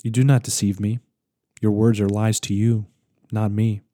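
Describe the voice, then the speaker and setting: A man voicing the stern, ageless spirit of the soul in a slow, measured dramatic reading. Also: on the low side, flat delivery, dark tone, no room sound, studio quality, natural voice.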